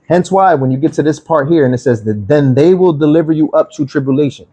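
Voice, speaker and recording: A man's voice: fairly high pitch, dark tone, husky. A man teaching the Bible on a livestream, reading scripture aloud and then explaining it, checking in with listeners with "okay?" and "right?".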